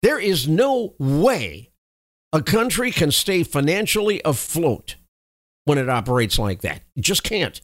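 A man's voice: fairly high pitch, big pitch swings, measured pace, no room sound, clean studio sound. A man from the United States delivering an opinionated news commentary monologue, reading reports and adding emphatic asides. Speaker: political commentator.

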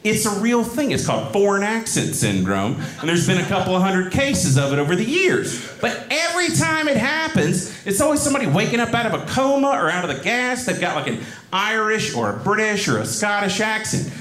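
A man doing stand-up comedy in a chatty, deadpan storytelling manner. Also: sits high, fairly quick. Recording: echoey room with loud noise.

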